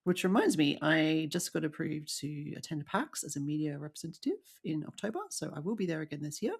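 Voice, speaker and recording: Upbeat woman podcast co-host, gravelly and chatty. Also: deep voice, lively intonation, brisk. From Australia. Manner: chatty, laughs often, upbeat. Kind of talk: casual chat.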